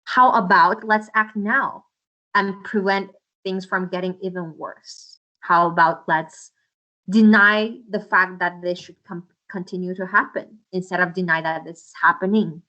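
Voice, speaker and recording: A woman whose first language is Uyghur answers interview questions earnestly and passionately, often restarting sentences and using many fillers. Her lowish voice is bright and forceful with fairly even intonation and an unhurried pace, though the audio is dull.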